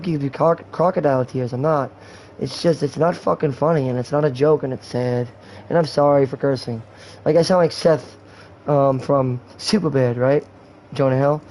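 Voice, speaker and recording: Gravelly rambling young man. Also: fairly high pitch, moderate pace, darkish tone, a little hiss or hum, rough recording. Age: 20s. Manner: candid, profane, rambling. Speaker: gaming livestream host. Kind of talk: rambling casual chat.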